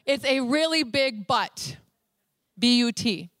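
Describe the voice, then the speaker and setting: A woman's voice: a little high, lively intonation, slow pace, fairly bright tone, dry recording. A woman preaching a sermon, emphatic, dwelling on single words and repeating them for weight.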